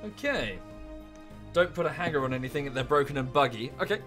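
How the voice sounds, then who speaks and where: A man's voice: medium pitch, expressive, a little fast, fairly bright tone, soft background music. Man chatting through a live game stream. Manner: chatty and rambling, with offhand asides. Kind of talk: casual live-stream commentary.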